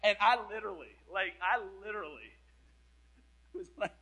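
An animated male preacher telling a story from the pulpit. His voice sits a little high and has a bright, tense edge. He talks in casual slang and swings between loud bursts and quiet asides. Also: moderate pace, rough recording. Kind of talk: storytelling sermon.

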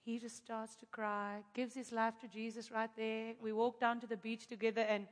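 A woman from Africa, telling a lively testimony to a congregation, animated and laughing often as she acts out the people in her story. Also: on the high side, a little fast, few pauses. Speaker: speaker giving a testimony to a congregation. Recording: echoey hall.

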